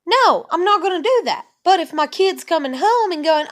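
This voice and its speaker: A woman's voice: very high-pitched, expressive, brisk, few pauses. A woman, venting in an exasperated monologue full of rhetorical questions. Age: 30s. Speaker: vlogger.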